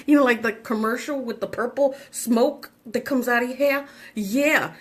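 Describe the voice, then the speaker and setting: A woman's voice: on the high side, moderate pace. Bubbly, giggly woman host. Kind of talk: casual chat.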